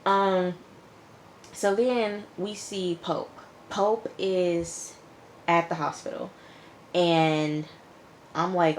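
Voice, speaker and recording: A woman's voice: low-pitched, fairly even intonation, slow, slight background noise. A woman giving a casual recap of a TV episode, retelling scenes with "he was like" and making frank asides to the viewer. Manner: chatty retelling, quotes characters with "he was like". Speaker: TV show reviewer.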